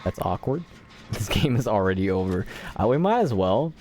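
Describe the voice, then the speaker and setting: A man with a fairly low voice gives live commentary while streaming a game. His pitch swings widely as he jokes, and he slips into mock-dramatic pleading and laments aimed at the characters on screen. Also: sing-song, normal speed, a little mellow, faint music behind.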